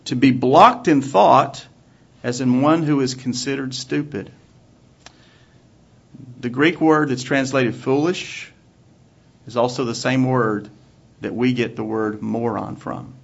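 Husky man preaching a sermon. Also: mid-range voice. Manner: measured, rhetorical questions to congregation. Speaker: pastor. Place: church hall with congregation. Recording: dull lo-fi recording.

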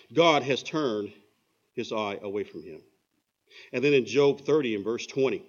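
Emphatic man preaching, dull lo-fi sound. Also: medium pitch. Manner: emphatic, with slow dramatic phrasing. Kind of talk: sermon. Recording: dull lo-fi recording.

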